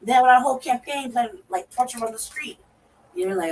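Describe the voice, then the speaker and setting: A woman co-hosting a talk show, telling a profane story in a lively way and acting out her own reactions. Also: on the high side, fairly quick, soft background music. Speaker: podcast co-host. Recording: distant mic with faint noise.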